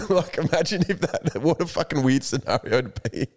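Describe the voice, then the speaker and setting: A man's voice: on the high side, animated, moderate pace. A young man co-hosting a comedy podcast, chatting casually, swearing often and laughing a lot. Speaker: podcast co-host. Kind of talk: casual chat.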